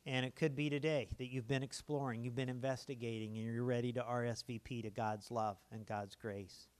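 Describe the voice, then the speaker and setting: A male pastor giving an altar call in a church auditorium. He speaks at a middle pitch, softly and with gentle repetition, pleading and coaxing as he leads a prayer. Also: steady tone, brisk.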